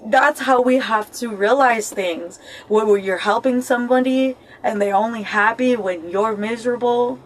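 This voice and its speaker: A woman talking straight to her viewers about life in a loose, joking way, with her voice at a middle pitch. She swears without a second thought and breaks into laughter between points. She keeps asking "okay?" to make sure they follow. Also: slight background noise, rough recording. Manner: blunt, swears freely, keeps checking in with "okay?"; talks straight to viewers as "y'all". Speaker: self-help vlogger. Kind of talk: casual motivational talk.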